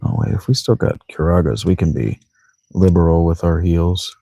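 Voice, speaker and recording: A man's voice: low-pitched, normal speed, creaky, warm tone, no echo. A man giving casual, rambling gameplay commentary from a sleeping bag in a tent, joking to himself and mispronouncing words on purpose. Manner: rambling, joking self-talk with playful mispronunciations. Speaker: let's play streamer.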